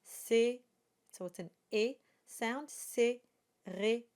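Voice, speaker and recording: A woman's voice: on the high side, takes it slowly, a little mellow. A woman coaching pronunciation of a song, patiently modelling sounds and repeating each one. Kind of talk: pronunciation lesson.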